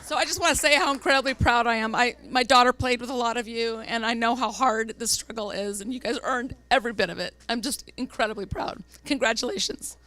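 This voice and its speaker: A woman school board member presenting awards at a public meeting, earnest, reading names slowly and carefully. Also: fairly high pitch, sharp tone, a faint crowd.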